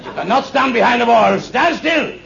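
Man putting on a stern officer, short barked orders, gravelly edge. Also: very high voice, animated, normal speed, background noise, voice pushed up, exaggerated voice. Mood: curt. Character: stern male firing-squad officer, curt. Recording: muffled lo-fi with faint ambience.

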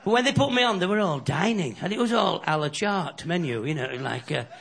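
Gravelly northern stand-up comic man. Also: high voice, expressive, a bit bright. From Northern England. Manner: bawdy storytelling, doing quick voices for characters. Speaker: stand-up comedian. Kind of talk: stand-up routine with crowd laughter. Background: audience laughter.

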